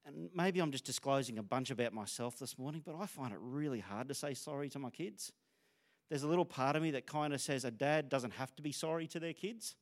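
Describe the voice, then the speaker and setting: A man's voice: medium pitch, a little fast. A middle-aged Australian man preaching a sermon in a conversational, storytelling way, sharing stories about himself. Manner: conversational, storytelling, self-disclosing.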